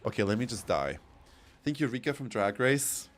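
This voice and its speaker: A man's voice: mid-range voice, very animated, normal speed, a little hiss or hum. A man from Bosnia, streaming a game and chatting casually with a joking, giggly, self-mocking manner. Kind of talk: casual gaming stream chat.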